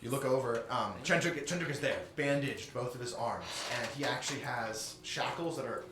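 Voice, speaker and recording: A man's voice: medium pitch, normal speed. A man narrating a tabletop game as game master, rambling with restarts, in a roomy live stream recording. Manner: rambling, many fillers and restarts. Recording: roomy live stream audio, faint noise.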